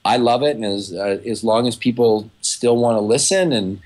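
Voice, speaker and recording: A man in his thirties chatting as a podcast guest, an animated storyteller who swears freely and acts out the people he quotes. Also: on the low side, moderate pace. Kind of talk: casual podcast chat.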